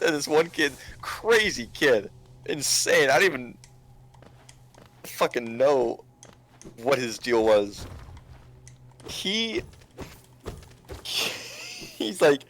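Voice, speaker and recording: A man's voice: a little high, a bit bright. Young man telling a story with constant laughs. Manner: laughing often, halting with many restarts and fillers. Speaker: game commentary co-host. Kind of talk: casual storytelling over gameplay. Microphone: remote call with screen share.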